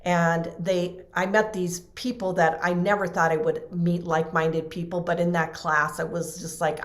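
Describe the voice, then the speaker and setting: A woman guest telling a personal story in conversation, animated and full of fillers. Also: fairly low pitch, roomy sound. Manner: animated, acts out quoted voices, many fillers. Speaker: interview guest.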